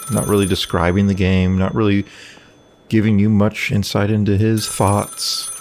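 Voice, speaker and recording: A gameplay commentator at home speaks in a low, darkish voice over a little hiss or hum. Casual and wry, he rambles on about his game and answers back to the characters.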